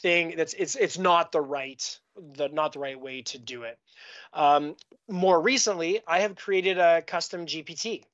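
A man's voice: a little high, measured pace, a bit bright, lo-fi sound. A man from Canada, a guest on a podcast, talking casually about his work and telling stories with lots of restarts and fillers. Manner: rambling, with frequent restarts and fillers. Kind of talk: casual conversational storytelling.

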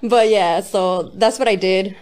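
A woman's voice: medium pitch, fairly even intonation, measured pace, darkish tone. Candid woman rapper, chatty. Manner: loose and candid, keeps asking "you get me?"; laughs often, swears casually. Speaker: rapper guest. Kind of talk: casual interview chat.

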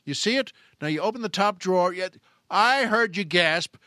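A man's voice: high voice, lively intonation, fairly quick, a bit bright, no echo, studio quality. A man playing a bullying crime boss on the phone, who barks threats and orders. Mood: menacing. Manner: threatening, bullying, pushy commands.

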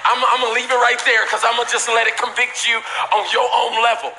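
A man preaching a sermon as pastor to a live church congregation, emphatic and repetitive with bursts of shouting and casual joking asides. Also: extremely high pitch, fairly even intonation, unhurried, long pauses, noisy background.

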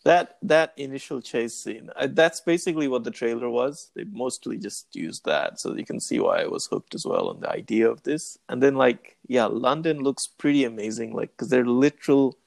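A man's voice: medium pitch, moderate pace, vocal fry, hardly any pauses. A man in a casual podcast chat, thinking aloud and asking questions about a film. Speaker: podcast co-host.

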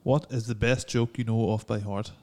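A man, reading out questions and making deadpan remarks in casual chat. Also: mid-range voice, normal speed. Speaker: podcast co-host reading questions.

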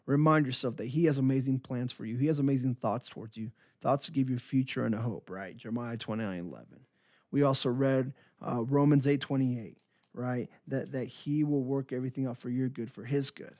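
A man's voice: medium pitch, fairly quick, darkish tone, dry recording, clean studio sound. A man who works in ministry giving an earnest, encouraging devotional talk, repeating phrases for emphasis. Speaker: Christian minister.

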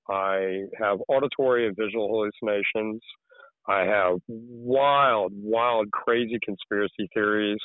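Rambling man, candid podcast guest, lowish voice, dry phone-line sound. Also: no echo. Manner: rambling, candid storytelling with many fillers. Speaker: podcast guest, tree care worker. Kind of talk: casual conversation.

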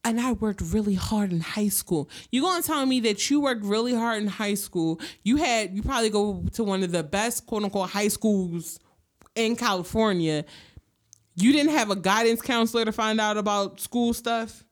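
A woman's voice: medium pitch, moderate pace. A young adult woman co-hosting a casual chat, ranting heatedly with sarcasm and lots of swearing. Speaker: podcast co-host.

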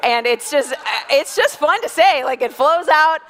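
A woman's voice: high voice, lively intonation, a little slow, fairly bright tone, long reverb tail. Playful woman pastor preaching. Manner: playful, laughing storyteller. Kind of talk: sermon.

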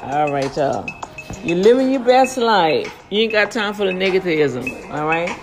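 Woman host, casual and preachy, upbeat shout-out delivery over a music bed. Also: lowish voice, moderate pace. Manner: lively, preachy, slangy, blessing listeners. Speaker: podcast host giving shout-outs. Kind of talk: casual motivational talk. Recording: music playing behind.

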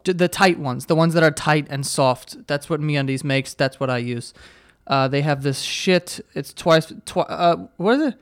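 A man's voice: a little high, moderate pace, hardly any pauses, clear, resonant tone. A man hosting a podcast, teasing his guest and swearing often in casual chat. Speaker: podcast host.

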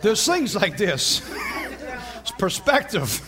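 A male preacher delivering a sermon in an animated, folksy manner, laughing often. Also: high-pitched, takes it slowly, crowd noise.

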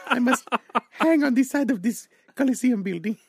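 A man doing an impression of a famous melodramatic woman singer, putting on a high, swooning in a theatrical manner. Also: expressive, moderate pace, creaky, a little mellow, slightly rough, no echo, exaggerated voice.

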